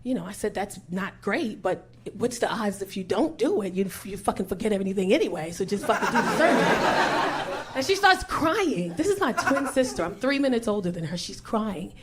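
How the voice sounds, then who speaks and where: A woman's voice: mid-range voice, sing-song, fairly quick, background noise. A woman in her thirties doing stand-up, telling brash, profane stories and acting out the people in them, on a club stage with a handheld mic. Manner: brash, profane, acts out quoted voices. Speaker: stand-up comedian. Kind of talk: stand-up storytelling. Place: comedy club stage with audience. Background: audience laughter.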